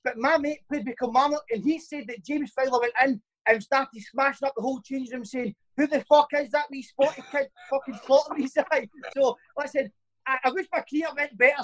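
A man's voice: very high-pitched, fast talker, a bit bright, low-quality recording. A man with a Glaswegian Scottish accent hosting a podcast, cheeky and teasing, telling sweary stories. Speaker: podcast host, ex-footballer. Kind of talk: casual chat.

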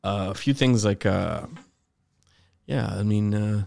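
A man's voice: fairly low pitch, takes it slowly, vocal fry, darkish tone. A man, a comedian, chatting casually on a podcast and telling rambling stories. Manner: rambling anecdotes, acts out quoted people.

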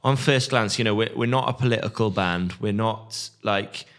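A man, a musician, chatting casually in a halting way, often repeating words as he searches for them. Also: lowish voice, a bit bright. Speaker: guest musician. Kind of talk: casual chat.

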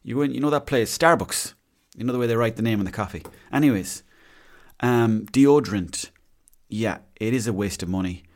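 Rambling Irish man with a lowish voice. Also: very fast, hardly any pauses, a little mellow. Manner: rambling, self-mocking and chatty. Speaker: podcast host. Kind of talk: casual solo podcast chat.

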